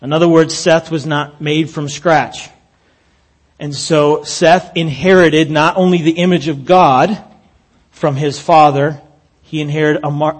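Preacher man reading scripture, fairly high voice. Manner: dry asides between readings. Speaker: pastor.

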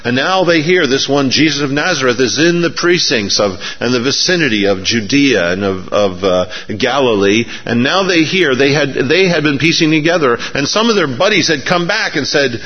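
Male preacher mid-sermon, lively storytelling, recorded dull and muffled in a long-echo hall. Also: mid-range voice, moderate pace. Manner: acts out biblical characters in lively raised voices.

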